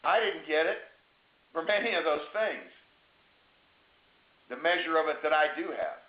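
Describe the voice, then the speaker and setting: A man giving a motivational webinar talk, conversational and emphatic, slowing down to stress key phrases. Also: fairly high pitch, expressive. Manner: conversational, with asides and checks like "right?". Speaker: webinar speaker. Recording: roomy, dull lo-fi webinar audio.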